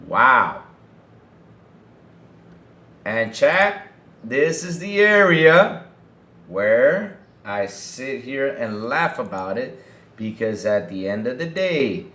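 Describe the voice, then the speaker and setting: Reading gaming news on his podcast, a man reacts with animated scorn and profanity, often turning to address his chat. His voice is medium in pitch and slow, and the sound is roomy.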